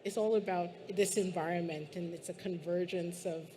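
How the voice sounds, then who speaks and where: A woman's voice: on the low side, steady tone, normal speed, warm tone, a little hiss or hum. A woman from Guyana speaking on a panel discussion and telling her story in a reflective, thoughtful way.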